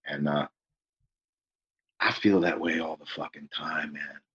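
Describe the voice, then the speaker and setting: Deep husky man, rambling and profane. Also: steady tone, unhurried, fairly bright tone, highs cut off. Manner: rambling storyteller, swears constantly. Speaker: guest, author. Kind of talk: casual interview chat.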